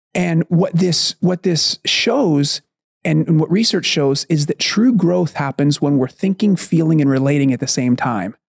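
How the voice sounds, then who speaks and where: A man in his forties with a fairly high voice, co-hosting a parenting podcast. He speaks earnestly, laying out an idea and then handing it to his guests as a question. The sound is dry and close. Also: darkish tone, slightly rough, no room sound. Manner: earnest, coaching tone, explains then asks questions. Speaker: podcast co-host, parenting coach. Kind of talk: conversational podcast talk.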